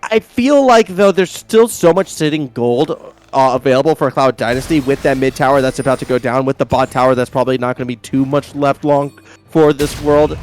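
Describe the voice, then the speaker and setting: A man with an Australian accent doing lively play-by-play commentary on an esports match, chatty and joking. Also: a little high. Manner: animated, chatty, jokey asides. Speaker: esports caster.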